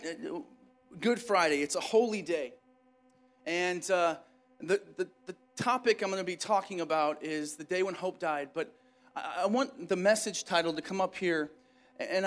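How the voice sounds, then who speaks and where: Young male pastor, high-pitched, casual storytelling sermon delivery with self-mocking humor. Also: moderate pace, pauses often, fairly bright tone. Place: church sanctuary.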